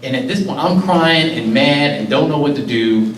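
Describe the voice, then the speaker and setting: In a community meeting hall, a middle-aged county executive delivers a public speech, earnestly sharing an emotional personal story. His voice is fairly high and animated, at a normal speed, with a little hiss or hum. The distant mic gives a roomy sound with faint ambience.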